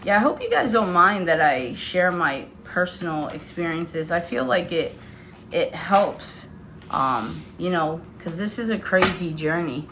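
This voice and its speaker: A woman's voice: fairly low pitch, lively intonation, a little slow, noisy background. Chatty woman giving a tarot reading. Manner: chatty, loose, many fillers. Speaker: tarot reader. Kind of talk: casual tarot reading to viewers.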